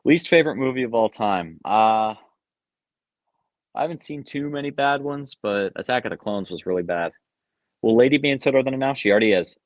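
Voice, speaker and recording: A man's voice: mid-range voice, lively intonation, brisk, dry recording. A young man hosting a live stream, reading chat questions and answering them offhand with many ums and uhs. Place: basement room at home. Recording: dull lo-fi sound.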